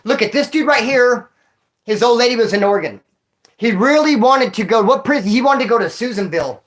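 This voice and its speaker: A man's voice: very high-pitched, expressive, brisk, fairly bright tone. A man who was in prison chats casually on a livestream, telling stories in slang and talking straight to a viewer. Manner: slangy, storytelling, addresses a viewer directly. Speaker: former prisoner streamer reading chat. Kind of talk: casual livestream chat and storytelling.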